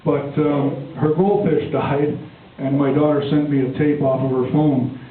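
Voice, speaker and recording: An older man tells rambling, fond stage stories, filling his pauses with "um" and "anyway". His voice sits a little high. It comes through a tinny, phone-like band, with some room echo and a faint hum behind it. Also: fairly even intonation, distant mic. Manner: rambling, fond, chuckling, many "um, anyway" fillers. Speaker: amateur stand-up comedian. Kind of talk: storytelling stand-up.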